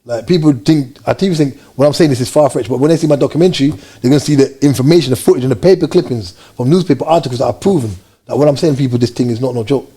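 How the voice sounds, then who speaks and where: Fast-talking man, dark voice. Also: medium pitch, husky. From Jamaica. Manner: fast, animated street slang storytelling. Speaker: interview guest. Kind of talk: casual storytelling interview.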